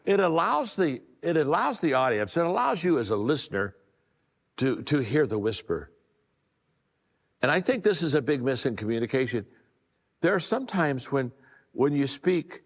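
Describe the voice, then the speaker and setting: This leadership speaker is an older man whose mid-range voice fills a large hall. Sharing folksy stories in a motivational talk, he often starts over and repeats himself.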